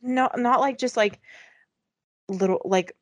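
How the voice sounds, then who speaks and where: A woman's voice: a little high, takes it slowly, no echo. A woman co-hosting a comedy podcast, reading out items with frequent swearing, laughter and mock disgust. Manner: profane, giggly, reads list items aloud with mock disgust. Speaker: podcast co-host. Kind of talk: casual comedic chat.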